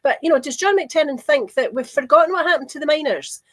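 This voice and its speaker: A woman co-hosting a political discussion, talking in an indignant, emphatic way and slowing down to stress her points. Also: high-pitched, expressive. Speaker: panel co-host.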